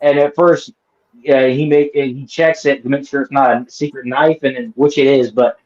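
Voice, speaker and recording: A man's voice: mid-range voice, little pitch movement, normal speed, darkish tone. A man hosting a casual movie review chat, rambling and swearing with lots of fillers and restarts. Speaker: host. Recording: dull lo-fi sound.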